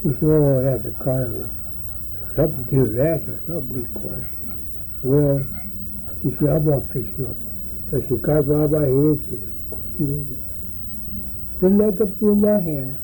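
A man's voice: on the high side, moderate pace, vocal fry, long pauses, dark tone, a little hiss or hum, rough recording. An older man, telling folksy stories in a rambling way for an oral history interview. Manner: rambling, folksy, acts out voices in his stories.

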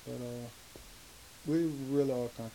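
Halting Southern man from Atlanta. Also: mid-range voice, gravelly, warm tone, slight background noise, rough recording. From Atlanta, Georgia. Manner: rambling, halting, many fillers and restarts. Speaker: interviewee. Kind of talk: casual storytelling in an interview.

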